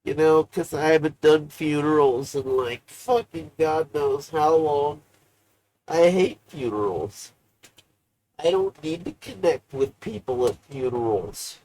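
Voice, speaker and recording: A live-streamer in a rambling, profane, emotional monologue, swinging between low mutters and loud outbursts. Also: slow pace, a little hiss or hum. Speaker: livestreamer.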